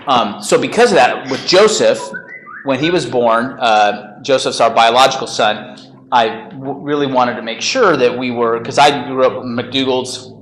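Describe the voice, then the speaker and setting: A man's voice: medium pitch, unhurried, fairly bright tone. A man coaching a group session, upbeat and chatty, often laughing and checking in with "right?". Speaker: real estate coach leading a group session. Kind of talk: energetic group coaching talk. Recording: roomy meeting room.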